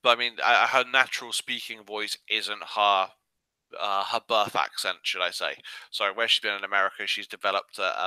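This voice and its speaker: A man talks through a casual podcast chat with a very bright, crisp tone. He rambles a little and restarts his sentences. The sound is dry and close. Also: fairly low pitch, no echo, poor audio. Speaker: podcast co-host.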